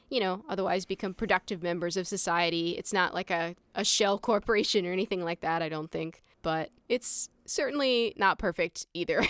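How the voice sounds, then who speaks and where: Smooth-voiced chatty woman podcast host. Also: mid-range voice, a bit bright, no echo, clean studio sound. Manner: laughing, wry and chatty. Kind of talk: casual chat.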